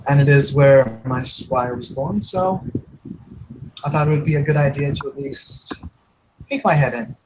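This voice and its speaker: A man voicing a soft-spoken but commanding female knight with a Southern US accent. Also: medium pitch, measured pace, background noise, close to an everyday voice. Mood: polite.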